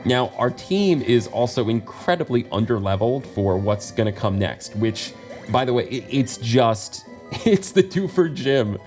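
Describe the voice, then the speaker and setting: A man's voice: medium pitch, very animated, measured pace, darkish tone, faint music behind. Chatty American guy narrating his game. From United States. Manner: chatty, laughs often, self-deprecating asides. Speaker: let's play host. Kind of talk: casual video game commentary.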